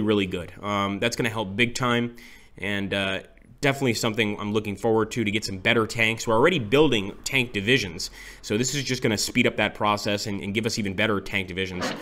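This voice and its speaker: A man's voice: lowish voice, fairly bright tone. A man casually commenting on his own strategy game as he plays, thinking aloud with frequent fillers. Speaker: strategy game let's-play host. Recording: clear background noise and clicks.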